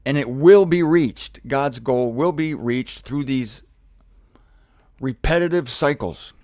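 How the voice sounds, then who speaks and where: A man gives an animated scripture lesson, piling up repeated words and stressing them as his excitement builds. His voice sits at an ordinary middle pitch. It is recorded close and dry, with no room sound. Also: slow pace, no room sound. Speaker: Bible teacher. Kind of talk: energetic scripture teaching.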